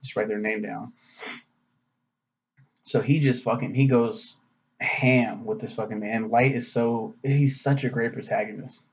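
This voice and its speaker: A man's voice: mid-range voice, fairly even intonation, unhurried, long pauses, a little hiss or hum. A man giving a casual, rambling anime review, profane and sarcastic in a loose, offhand way. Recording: slightly muffled lo-fi audio.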